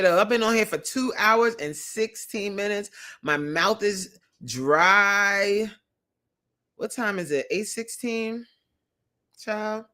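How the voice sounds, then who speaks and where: Woman, livestream host, chatty, slow unhurried pace, laughs often. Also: mid-range voice, fairly bright tone. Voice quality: chatty, reads chat aloud, laughs often. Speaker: livestream host and creator coach. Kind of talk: casual livestream chat with viewers.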